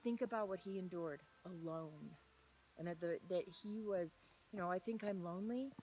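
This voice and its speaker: A young woman talking earnestly outdoors on a hilltop in the rain, sharing a devotional message in a rambling, filler-heavy way and often dropping into excited whispers. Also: medium pitch, slight background noise, rough recording. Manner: breaks into excited whispers and laughter. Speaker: faith vlogger. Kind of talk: casual devotional talk.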